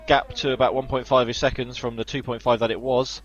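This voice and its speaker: A man's voice: medium pitch, brisk, highs cut off. A man giving live commentary on an online sim race, talking through gaps and tactics in a chatty, analytical way, with faint music behind. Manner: chatty, analytical, excited on incidents.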